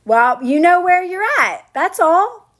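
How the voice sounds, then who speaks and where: A woman's voice: very high-pitched, lively intonation, slow pace, a bit bright. A woman coaching viewers on a livestream, chatting casually, answering comments and repeating her phrases to reassure. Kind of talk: casual live-stream chat answering comments.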